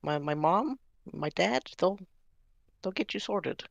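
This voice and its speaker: Kind young halfling boy, played by a tabletop player, stammering, gentle, gravelly edge, dry sound. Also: mid-range voice, lively intonation, takes it slowly, dry recording, lo-fi sound, full character voice. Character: kind ten-year-old halfling boy.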